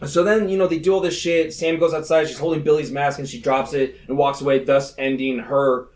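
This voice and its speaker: A man with a notably high voice chats on a casual podcast, rattling off a movie plot with plenty of swearing. He jumps into shrill impressions of the characters and talks with lively, excitable energy. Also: a little fast. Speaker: podcast co-host.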